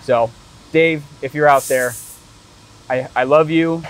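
Male interviewer, somewhat high pitch, lively anecdote teller who acts out other people's lines. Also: takes it slowly, low-quality recording. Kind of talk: casual interview chat.

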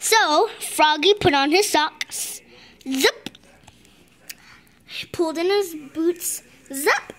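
Slow, halting high-voiced woman reading aloud. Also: a bit bright. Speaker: reader. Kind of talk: reading a picture book aloud.

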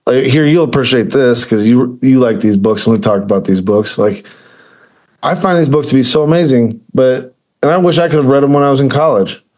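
Man, podcast co-host, casual chat, rambling, filler-heavy, mid-pitched voice. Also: brisk, darkish tone. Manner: rambling, many fillers and self-corrections. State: choked up with emotion.

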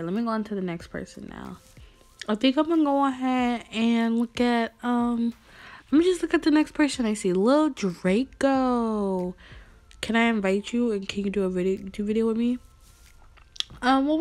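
A young woman YouTuber chatting casually and playfully to her fans, slangy and quick to laugh. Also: fairly high pitch. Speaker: YouTuber replying to fan messages. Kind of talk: casual chat.

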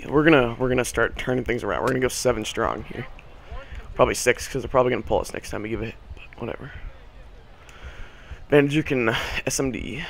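A young man with a hoarse morning voice, hosting casual video game commentary, rambling with lots of fillers and the odd swear. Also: mid-range voice, a little hiss or hum. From Boston area. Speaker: gaming channel host.

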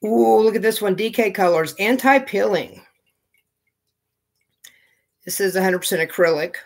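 A man's voice: high voice, moderate pace, gravelly. A man chatting casually as he opens fan mail on his knitting vlog, gushing and thinking aloud. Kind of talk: casual unboxing chat.

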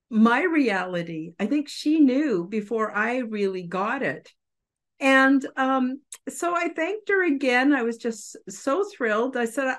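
Podcast host lady rambling through her story, lots of um and uh, gushy, kinda high voice. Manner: rambling, effusive, many fillers. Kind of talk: personal storytelling.

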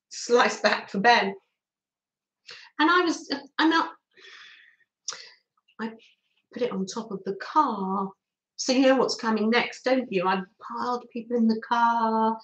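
Slow, chatty woman in echoey room. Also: medium pitch, fairly bright tone. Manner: chatty, giggly, talks through snacking. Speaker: livestream host reading viewer comments. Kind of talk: chatty live craft stream.

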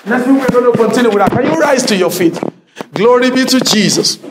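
High-voiced man preaching in an echoing church. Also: lively intonation, a little fast, noisy background. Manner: keeps asking the listeners if they are listening, emphatic, rising to shouts. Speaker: pastor. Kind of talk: sermon.

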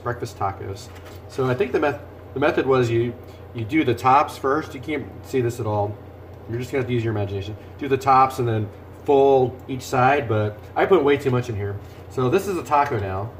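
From his home kitchen, a man hosts a casual cooking livestream, chatting and joking while he moves around and eats. His medium-pitched voice sounds reverberant, with a bit of hiss or hum.

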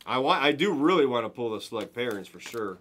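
A man hosting a live card break, giving excited running commentary as he opens packs and chats with viewers. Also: mid-range voice, fast, a little hiss or hum.

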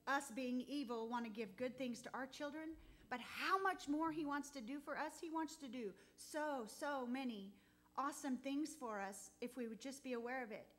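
A woman's voice: high voice, a bit bright. Heartfelt woman giving church testimony. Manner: heartfelt, halting, near tears. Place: church sanctuary.

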